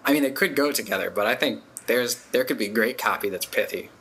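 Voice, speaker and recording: A man's voice: mid-range voice, a little fast, pushed and bright, slightly rough. A man co-hosting a podcast in casual chat, wry and questioning, laughing often. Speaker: podcast co-host.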